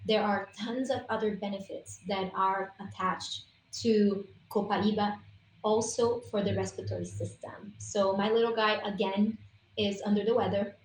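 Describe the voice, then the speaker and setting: A woman's voice: mid-range voice, fairly even intonation, moderate pace, a little hiss or hum. A woman giving an enthusiastic, chatty product talk on a live stream over a video call. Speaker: guest presenter on essential oils. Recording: roomy echo, faint room ambience.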